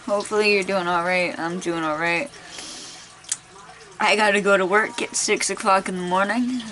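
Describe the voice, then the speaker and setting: A woman's voice: medium pitch, steady tone, moderate pace, sharp tone, poor audio. A young woman in a laid-back, tired casual chat at home, giggling now and then as she reads aloud. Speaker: vlogger reading aloud.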